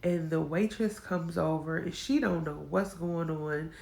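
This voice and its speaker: A woman telling her own story in a casual vlog, emotional and animated, acting out the quotes. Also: low voice, a little slow, creaky. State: upset.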